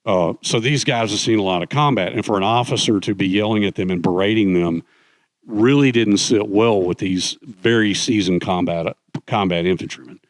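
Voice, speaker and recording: Older guy, low voice, rambles through stories with lots of um and uh, dry close sound. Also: normal speed, no echo. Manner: rambling storyteller with many fillers. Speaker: guest author. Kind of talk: fireside chat on stage. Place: conference stage.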